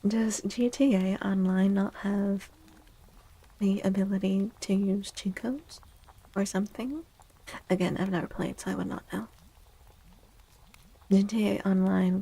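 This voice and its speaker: A woman streamer in a soft-spoken, whispered role-play as a friendly, playful witch, chatting with her viewers. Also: medium pitch, slow pace, vocal fry, pauses often, breathy edge, rough recording. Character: friendly witch, female, young adult, playful.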